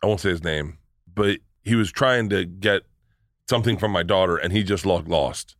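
A man's voice: sits low, moderate pace, no room sound, clean studio sound. A man casually telling rambling, profane stories as a comedian guest on a podcast. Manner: rambling, profane, animated storyteller.

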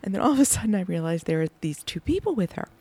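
A woman hosting a podcast, telling a lively anecdote about her day, laughing often and acting out the people she quotes. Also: on the low side, racing, breathy edge, dry recording. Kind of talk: animated anecdotal storytelling.

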